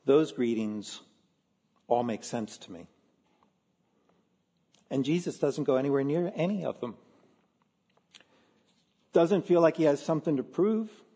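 A man, a pastor from Philadelphia, preaching a sermon in an earnest, measured way with slow emphatic stresses. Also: fairly high pitch, dark tone, slightly rough, in a large hall.

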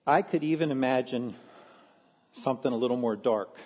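A Philadelphia pastor preaches a sermon earnestly and in a measured way, landing slow, emphatic stresses. His voice is medium-pitched with a darkish tone, and the recording has a big-room sound.

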